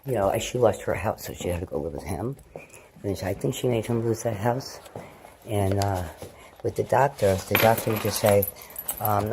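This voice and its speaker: A woman's voice: a bass voice, normal speed, background noise. Rambling, foul-mouthed middle-aged woman. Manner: rambling, swears freely, talks to her pets. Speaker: vlogger. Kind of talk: casual rambling chat to camera. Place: at home, indoors. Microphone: phone held in hand.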